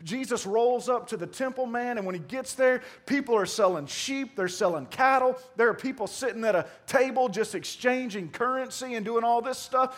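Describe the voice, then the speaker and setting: A man giving a conversational sermon, swinging from loud emphatic bursts to hushed asides and often saying "man". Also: extremely high pitch, moderate pace, hardly any pauses. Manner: conversational preaching with repeated "man". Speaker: pastor.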